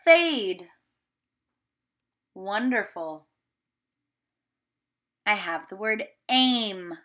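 Slow, bright-voiced woman teacher. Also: medium pitch, animated. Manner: slow, encouraging, sounding words out. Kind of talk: remote video lesson for young children.

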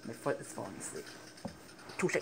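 A teenage boy giving excitable gaming commentary, swearing and laughing often. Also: normal speed, rough recording. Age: teens. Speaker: gaming YouTuber. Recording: game music playing behind the voice.

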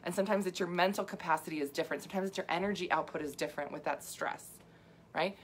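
Chatty low-voiced woman health coach. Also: quick pace, a little hiss or hum. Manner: chatty, laughs often, many fillers and asides. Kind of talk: casual livestream talk.

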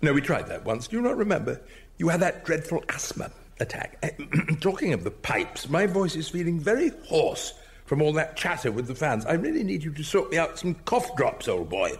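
An actor playing a vain, eccentric museum curator in a radio sitcom, talking in a pompous, theatrical way. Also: male voice, fairly high pitch, sing-song, normal speed, slightly rough, exaggerated voice. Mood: grandiose.

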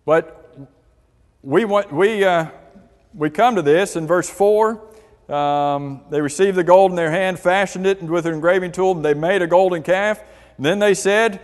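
A man with a high-pitched voice leads a church Bible class, asking the group questions and reading scripture passages aloud. His voice rings with a long reverb in a large hall. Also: unhurried.

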